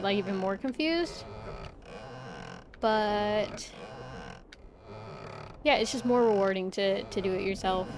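A young woman streaming a game, chatting casually in a rambling way, reading chat aloud and laughing often. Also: mid-range voice. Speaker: VTuber streamer. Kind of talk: casual live-stream chat while gaming. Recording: steady audible background noise.

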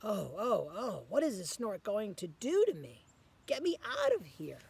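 A man voicing a small lost baby bird in a storybook reading, calling out in a high, pleading voice. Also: wildly swooping pitch, takes it slowly, gravelly, a little mellow, husky, exaggerated voice. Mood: scared.

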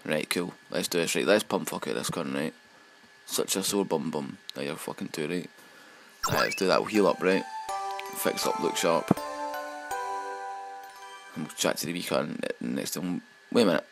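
A man with a Scottish accent giving sweary, excitable let's play commentary as he plays a game. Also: a bass voice, moderate pace, vocal fry, pauses often, soft background music, poor audio.

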